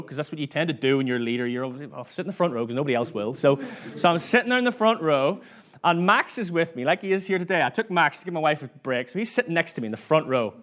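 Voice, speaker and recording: A man preaching a sermon in church, chatty and self-mocking, acting out quoted voices as he tells stories. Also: fairly high pitch.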